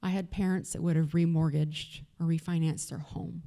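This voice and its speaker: Woman with a Texas accent, low and mellow voice, candid personal talk at an event, loose with fillers. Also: level tone, moderate pace, vocal fry. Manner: candid, conversational, frequent fillers. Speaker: event speaker. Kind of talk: personal story told to an audience. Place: event venue.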